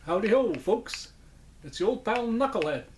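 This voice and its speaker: A man's voice: high-pitched, expressive, normal speed, darkish tone, slight background noise, pitched above the performer's own voice. A man voicing a goofy, wisecracking male ventriloquist dummy with a folksy way of talking. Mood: cheerful. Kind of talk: ventriloquist puppet voice.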